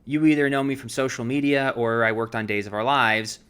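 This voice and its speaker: A man's voice: mid-range voice, fairly quick, clear, resonant tone. A man in his thirties co-hosting a casual show, telling a long anecdote with lots of fillers. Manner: rambling, filler-heavy, animated retelling. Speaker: podcast co-host, actor. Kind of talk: casual storytelling chat.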